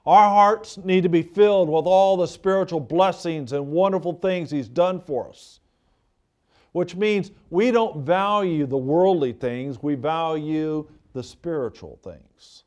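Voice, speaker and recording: A pastor delivers a sermon in a fervent but conversational way, circling back to drive his points home and speaking earnestly and emphatically to his flock. His voice sits high for a man, with a darkish tone and a measured pace.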